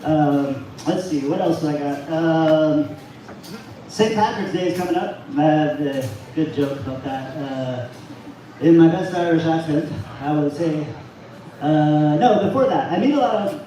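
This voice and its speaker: A man doing a halting, self-deprecating stand-up set at an open mic in a bar. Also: a little high, warm tone. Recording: echoey venue from far off, noisy.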